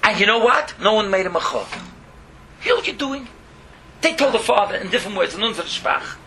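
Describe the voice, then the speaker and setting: A man's voice: high voice, fairly quick. A man teaching a Torah lesson as a rabbi, telling stories, mixing in words and leaping up in exclamations. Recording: steady background hiss.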